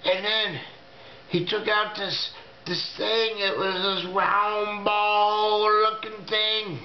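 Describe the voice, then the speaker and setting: A man telling a dramatic story in the first person, slow and halting, with a fearful edge and folksy grammar. His voice sits high with a gravelly fry and drags along at an unhurried pace. The sound is dull and lo-fi, with the echo of a bare room and faint noise behind it. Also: flat delivery.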